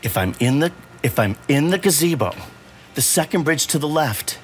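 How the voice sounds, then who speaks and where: A man's voice: a little high, animated, moderate pace, soft background music. A father playing a video game, arguing over directions in an exasperated, argumentative way. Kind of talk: casual gaming banter.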